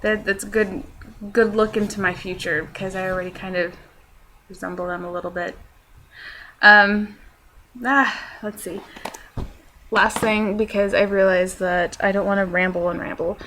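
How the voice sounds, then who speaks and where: A woman's voice: medium pitch, little pitch movement, moderate pace, sharp tone, slight background noise, low-quality recording. A young woman chatting casually in a vlog, rambling with lots of fillers and poking fun at herself. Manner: self-deprecating. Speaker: vlogger. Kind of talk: casual chat.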